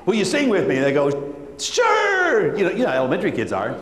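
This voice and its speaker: A man giving an animated talk to educators, telling stories, acting out quotes and leading chants with his audience. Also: fairly high pitch, racing. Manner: lively, acts out quotes and leads call-and-response chants. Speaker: school administrator speaking to educators. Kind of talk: animated conference talk with storytelling. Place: large hall. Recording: echoey hall with long reverb.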